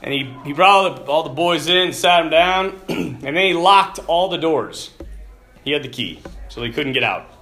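A man delivers a relaxed, conversational sermon, spinning a story with fillers and frequent throat clearing. His voice sits a little higher than most men's. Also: normal speed. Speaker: preacher.

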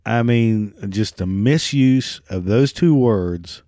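A man's voice: on the low side, slow, dark tone, no echo, studio quality. A man ranting in a sarcastic, mocking, profane monologue. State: prone to coughing fits.

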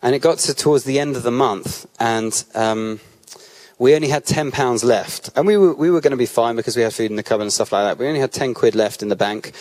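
A man's voice: mid-range voice, a little fast, a little mellow. British man telling stories in a sermon. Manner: conversational storytelling with frequent restarts. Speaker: church speaker. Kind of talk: sermon with personal anecdotes.

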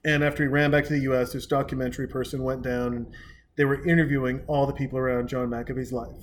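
A man's voice: mid-range voice, little pitch movement, fast talker, a little hiss or hum. A male podcast host riffing crudely, playing out little bits in silly voices. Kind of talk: crude comedic banter.

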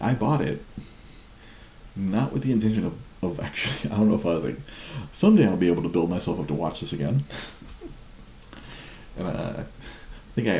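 A man's voice: deep voice, creaky, a little mellow, roomy sound, a little hiss or hum. A man in his forties chatting casually at home at night, laughing a lot and mocking himself. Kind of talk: casual chat.

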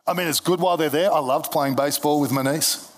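Male pastor, casual sermon on a stage mic, slightly high voice, chatty and joking, trips over restarts. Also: steady tone, quick pace. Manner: conversational, jokey, with many restarts. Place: church service.

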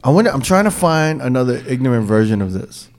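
Man, casual banter, exasperated rant, heavy swearing, mid-pitched voice. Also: fast. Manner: exasperated, profane, animated storytelling.

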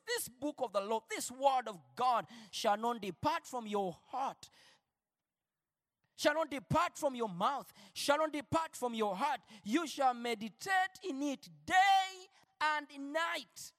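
A male preacher giving an impassioned sermon, shifting between quiet lines and shouted declarations. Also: very high voice, expressive, slow pace, big-room sound.

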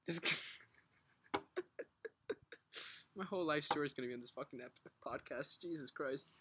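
Heavy background noise surrounds this podcast co-host as he trades casual banter, excitable and laughing, swearing often and slurring his words in a thick, mumbled way. He speaks on the high side at a measured pace, leaving long pauses.

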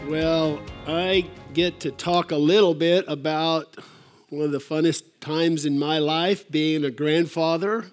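An older pastor's sermon to his congregation is folksy and meandering, delivered in a slightly high male voice with fairly even intonation. He frequently halts for fillers and restarts, with faint music in the background.

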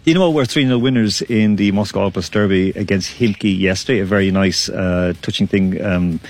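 A man's voice: sits low, a little fast, darkish tone, soft background music. A man hosting a radio sports roundup from a studio, chatty and rambling with lots of fillers. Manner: chatty, rambling, self-deprecating with many fillers. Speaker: radio sports show host.

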